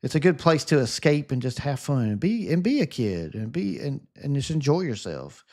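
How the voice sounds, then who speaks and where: A man with a Southern US accent chats with his viewers while he plays. His voice is sunny and relaxing, sitting at an ordinary middle pitch, and he talks in an upbeat, friendly way. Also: very animated, normal speed, darkish tone. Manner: upbeat, chatty, answers viewer comments. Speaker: gaming streamer. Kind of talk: casual live chat while gaming.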